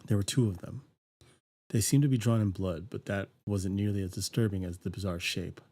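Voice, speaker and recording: A man streaming a horror visual novel, narrating its text in a steady, even voice with dry asides. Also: deep voice, a little fast. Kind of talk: reading a visual novel aloud.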